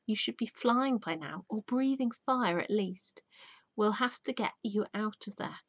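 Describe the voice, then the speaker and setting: A woman's voice: medium pitch, lively intonation, a little slow, no echo. A woman reading aloud as a clever, chatty female bird in a storybook. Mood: exclaiming. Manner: bright, exclaiming.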